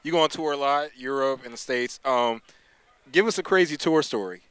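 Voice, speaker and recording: A man hosts the interview, relaxed and joking with his guest. His voice is smooth and mid-pitched. The sound is dry and close. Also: moderate pace, no echo. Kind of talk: casual interview.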